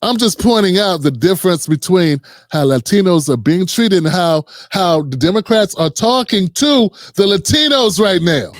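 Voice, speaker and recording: A man's voice: high-pitched, expressive, normal speed, hardly any pauses, no room sound, studio quality. A man hosting casual political reaction commentary, mocking and slangy, sometimes putting on voices.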